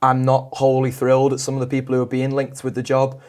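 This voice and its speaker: A man talks fast and evenly as a football podcast panelist. He reasons through his points earnestly, with little rise and fall in his voice. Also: medium pitch, monotone, darkish tone. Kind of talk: casual football podcast chat.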